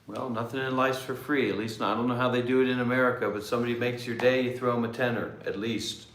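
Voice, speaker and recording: A man's voice: medium pitch, fairly even intonation, fast, fairly bright tone, roomy sound, a little hiss or hum, low-quality recording. A man hosting a casual livestream as a former monk, joking and rambling with many restarts.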